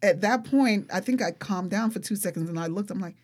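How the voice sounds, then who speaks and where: Young woman guest, casual and expressive storyteller with a mid-range voice and lots of filler words. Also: mid-range voice, brisk, slightly rough. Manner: animated, expressive, frequent fillers like "like". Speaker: interview guest.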